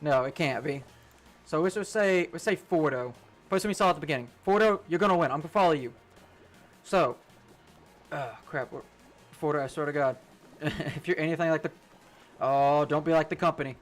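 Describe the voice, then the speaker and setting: A man's voice: fairly high pitch, brisk, pauses often, soft background music. Rambling, profane young male streamer. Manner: rambling, profane, laughs a lot. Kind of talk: casual storytelling while gaming.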